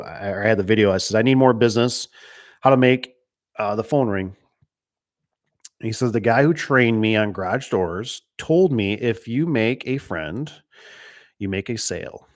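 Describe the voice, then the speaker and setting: A middle-aged man who owns a garage door business, talking casually and rambling through stories and comments with lots of quoted dialogue. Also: fairly low pitch. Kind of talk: casual talk answering viewer comments.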